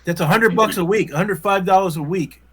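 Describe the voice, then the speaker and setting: A man's voice: high-pitched, brisk, a little hiss or hum, poor audio. A man co-hosting a casual podcast, chatty, adding up costs aloud and tripping over words. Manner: chatty, tallies figures aloud, stumbles on words. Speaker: podcast co-host. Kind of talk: casual banter.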